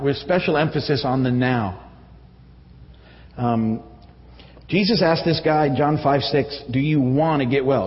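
A man preaching a conversational sermon to his church, halting often with fillers and restarts. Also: medium pitch. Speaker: pastor. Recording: echoey hall, dull audio.

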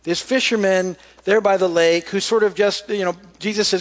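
Higher-voiced man preaching casually. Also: a little fast, hardly any pauses. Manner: casual, storytelling, acts out quoted lines softly. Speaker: pastor. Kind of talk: conversational sermon with scripture reading.

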